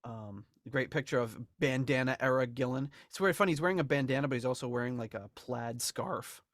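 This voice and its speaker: A man's voice: mid-range voice, fairly quick, a bit bright, no echo, clean studio sound. Rambling man co-hosting a podcast. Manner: rambling, laughs often, restarts. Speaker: podcast co-host. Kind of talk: casual chat about album memorabilia.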